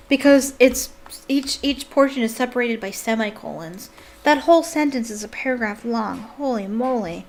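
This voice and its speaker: A woman's voice: on the high side, animated, normal speed. Gushing young woman reading aloud. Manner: gushing, exclamatory asides. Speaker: book reader and fan. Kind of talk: casual reading aloud with commentary.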